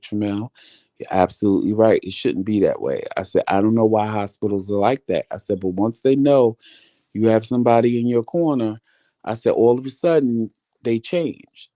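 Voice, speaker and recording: Guy vlogging, telling a story and quoting everybody, mellow voice, dry close mic. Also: on the low side, dry recording. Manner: retells conversations with many quoted lines. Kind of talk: casual storytelling to viewers.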